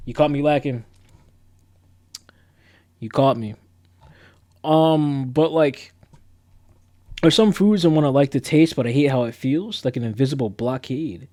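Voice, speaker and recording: A man's voice: mid-range voice, unhurried, long pauses, no echo, studio quality. A young man on a live stream, chatting casually and rambling in a laid-back, slangy, self-mocking way as he reads quiz questions aloud.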